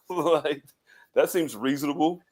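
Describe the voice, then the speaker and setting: A man's voice: on the high side, takes it slowly. A man co-hosting a wrestling podcast in loose, profane, laughing casual chat. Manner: animated, profane, laughs often. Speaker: podcast co-host.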